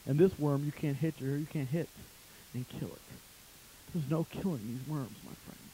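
A fiery male preacher delivering a fire-and-brimstone sermon. His voice sits a bit high for a man. He swings from shouted peaks down to hushed, intense warnings and talks in a folksy way. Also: moderate pace, slight background noise, rough recording.

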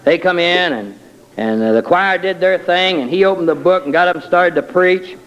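A man's voice: sits high, moderate pace, fairly bright tone, highs cut off. A man giving a personal testimony in a colloquial, self-deprecating storytelling way with wry humor.

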